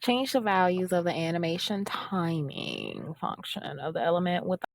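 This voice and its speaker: This coding tutorial host, a woman, has a lowish, creaky voice with big pitch swings and speaks at a normal speed. She reads the instructions aloud in a casual screen-share, chatty and self-mocking, over background noise.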